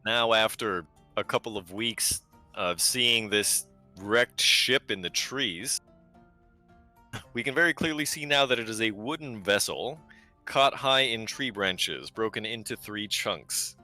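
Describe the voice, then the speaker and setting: A man narrating a tabletop game as game master, giving measured descriptions with casual asides. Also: fairly low pitch, lively intonation, bright, forceful tone, faint music behind.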